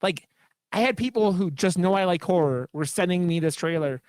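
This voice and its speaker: A man's voice: high-pitched, moderate pace, darkish tone, dry recording, studio quality. A man co-hosting a horror podcast, chatting casually in a rambling, profane, enthusiastic way. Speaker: podcast co-host.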